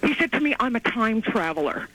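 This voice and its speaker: A woman calling in to a radio show over the phone, telling her story in an excited, rambling way with many restarts. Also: fairly high pitch, a little fast. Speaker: caller. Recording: tinny phone line.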